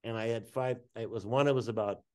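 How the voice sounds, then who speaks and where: A man guest artist telling a long story in casual talk, animated and slangy, swearing freely. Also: mid-range voice, fast talker, clear, resonant tone.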